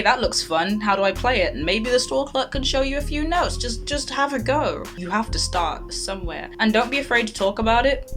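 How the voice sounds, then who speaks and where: A woman cosplayer telling a convention story and giving advice, animated, acting out the voices of the people she quotes. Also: fairly high pitch. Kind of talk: anecdote and advice.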